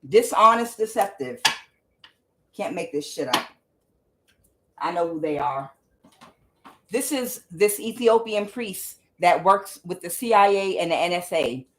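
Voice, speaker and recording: A woman doing a casual tarot reading, speaking bluntly with swearing and calling on the Holy Spirit as she goes. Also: on the low side. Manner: talks aloud to the Holy Spirit, blunt and profane. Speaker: tarot reader.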